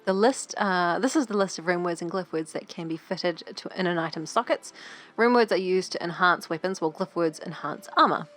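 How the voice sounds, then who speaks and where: Lower-voiced woman narrating game menus. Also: a little fast, fairly bright tone. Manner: reads tutorial text, dry quips. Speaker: let's play co-host. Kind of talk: casual gameplay chat.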